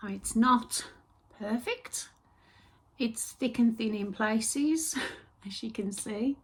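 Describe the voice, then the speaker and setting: A woman hosting a crafting podcast, chatting casually and rambling, with soft whispered asides. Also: fairly high pitch, takes it slowly, breathy edge. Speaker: host of a knitting and spinning podcast. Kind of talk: casual chat.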